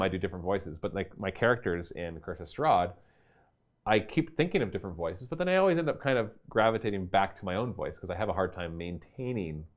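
Deep-voiced chatty man hosting a stream. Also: muffled recording. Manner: chatty, animated, laughs easily. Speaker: host and game master of a gaming store stream. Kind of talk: casual livestream chat answering viewer questions.

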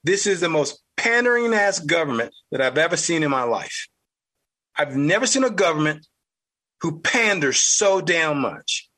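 A man with a Southern US accent, hosting a podcast with blunt, fired-up political commentary, mild cursing and a husky voice. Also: fairly high pitch, very animated, normal speed, pushed and bright. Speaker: podcast host.

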